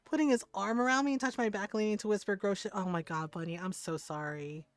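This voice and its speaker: A woman's voice: mid-range voice, fast, dry recording. Candid woman streamer, dry close sound. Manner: candid, animated storytelling with casual swearing. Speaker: game streamer. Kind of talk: casual chat with viewers while gaming.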